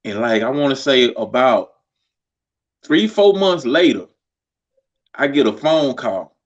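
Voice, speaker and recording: A man telling stories in a laid-back, colloquial way, often pausing with fillers. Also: medium pitch, sing-song. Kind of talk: casual conversation. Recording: slightly dull lo-fi sound.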